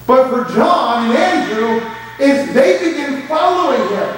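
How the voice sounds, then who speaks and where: High-pitched pastor preaching in an echoey church. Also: male voice, lively intonation, a little slow, slight background noise. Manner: preaching with rising emphasis and quoted asides. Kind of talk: sermon. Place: church sanctuary. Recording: echoey church hall from far off.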